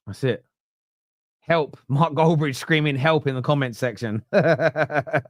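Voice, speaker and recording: A man from London's East End with a Cockney accent, hosting a live football watchalong in a chatty, self-mocking way and breaking into shouted excitement at near misses. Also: mid-range voice, no echo, studio quality. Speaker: watchalong host.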